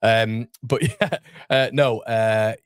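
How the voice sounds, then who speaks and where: Yorkshire man, 30s, chatty fan-channel host, slightly low voice, dry mic. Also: steady tone, takes it slowly, smooth, no echo. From England. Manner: chatty, reads out chat messages, calls everyone mate. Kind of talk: casual live watchalong chat.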